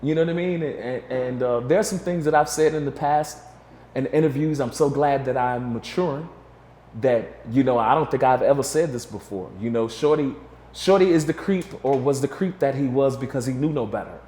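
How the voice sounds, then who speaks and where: A man's voice: mid-range voice, brisk, mellow, a little hiss or hum. Man telling a story in a roomy space. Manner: rambling, filler-heavy, restarts with "you know". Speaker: interview guest. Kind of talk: casual storytelling in an interview. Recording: roomy echo.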